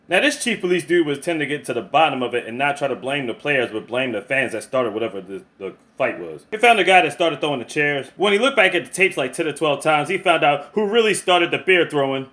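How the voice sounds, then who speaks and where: A young man recapping a sports documentary in casual, profane chat, acting out his reactions. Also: fairly high pitch. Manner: profane, animated, acts out reactions. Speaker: video reviewer.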